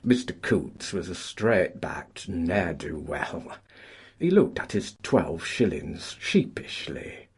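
A man narrating a story, measured and expressive. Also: deep voice, breathy edge. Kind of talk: audiobook narration.

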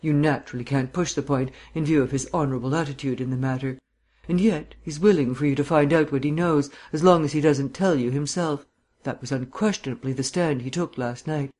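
A man voicing a suave, bantering gentleman sleuth with bland, mannered phrasing in an audiobook reading. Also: fairly high pitch, a little fast, lightly acted. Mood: earnest.

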